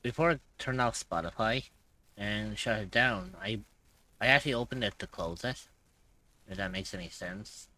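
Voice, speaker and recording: A man's voice: on the low side, moderate pace, sharp tone, far from the mic, poor audio. A man co-hosting a livestream, chatting casually in a rambling, hesitant way with restarts. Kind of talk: casual stream chat.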